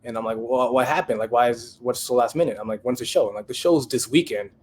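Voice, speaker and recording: Guy in his 30s, chef on a podcast, animated storyteller, does the voices of everyone in his story. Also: mid-range voice, fast, a little hiss or hum. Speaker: chef guest. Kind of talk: casual storytelling interview.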